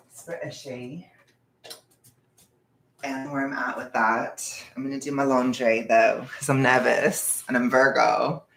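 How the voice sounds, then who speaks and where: A nervous young man talks in a loose, rambling confessional, his voice gravelly with fry. He keeps circling his point and drops into hushed asides now and then. The room around him is echoey and hollow. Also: mid-range voice. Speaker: vlogger. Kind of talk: casual confessional chat.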